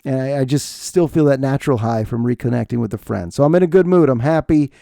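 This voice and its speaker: Male podcast host, forties, gravelly and mellow, rambling casual monologue, dry close sound. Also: medium pitch, fast talker, no echo. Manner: rambling, chatty and self-deprecating.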